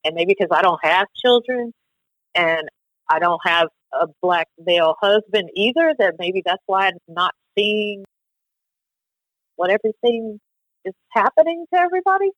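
A woman's voice: medium pitch, expressive, normal speed, a bit bright, no room sound, poor audio. A woman calling in as a podcast guest, asking earnestly for an explanation. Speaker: guest on the phone. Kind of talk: casual conversation.

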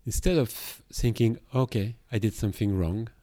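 Low, mellow Belgian-French man, reflective. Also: normal speed, no room sound. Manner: reflective, with hesitations and restarts. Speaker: therapist. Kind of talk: podcast monologue on emotions.

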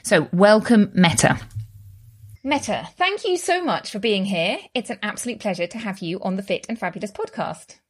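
A woman's voice: mid-range voice, animated, normal speed, husky. Bubbly upbeat woman hosting a podcast. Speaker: podcast host.

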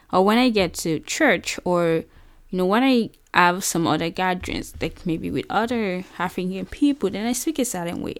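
Young Nigerian woman host, earnest personal monologue, low gravelly tone, close dry sound. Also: darkish tone, no echo. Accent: Nigerian English. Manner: earnest, many fillers like "you know" and "like". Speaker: podcast host.

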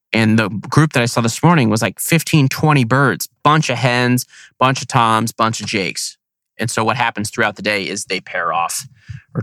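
A man casually telling a hunting story on a podcast, animated and slangy, acting out his own thoughts. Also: lowish voice, no echo.

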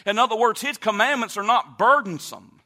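Preaching emphatically and a little fast, this pastor repeats himself and swings widely between loud and soft. His voice is pitched high for a man and carries a bright, forceful edge.

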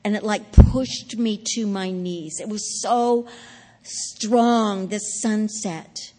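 A woman's voice: mid-range voice, steady tone, takes it slowly. Woman preaching in a reverberant hall. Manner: dramatic storytelling, swelling loud at key points. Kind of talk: sermon testimony.

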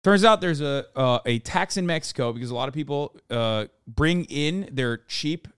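A young man hosting a podcast, telling a story in animated, casual chat and acting out quoted people. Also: medium pitch, normal speed, smooth, no echo, clean studio sound. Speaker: podcast host.

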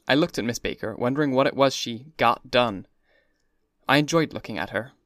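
A man giving a measured, even first-person reading of a classic novel. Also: medium pitch, no room sound, clean studio sound. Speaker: audiobook narrator. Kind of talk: scripted first-person narration.

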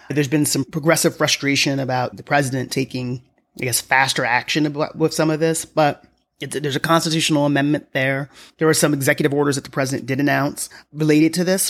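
A podcast host in a solo commentary, talking in a conversational, wry way and thinking aloud, recorded in a quiet apartment at home. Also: mid-range voice.

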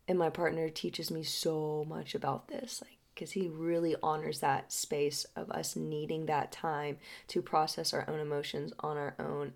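A young adult woman speaking slowly and softly as a healing guide, often sinking into a breathy half-whisper. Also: lowish voice. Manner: slow, soft and drawn out, often dropping into a breathy half-whisper. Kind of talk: reflective spoken storytelling.

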